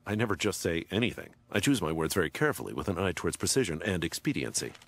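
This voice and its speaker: Casting: a stiff literal guy, very deep voice, quick deadpan delivery, lively pitch. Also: full character voice. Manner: deadpan, formal and precise.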